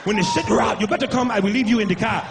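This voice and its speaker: Man putting on a safari guide, panicky, shouting, raised pitch, noisy live recording. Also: quick pace, roomy sound, crowd noise. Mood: fed-up shouting. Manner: shouting, cursing, refuses outright. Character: panicky male safari guide, loud and blunt.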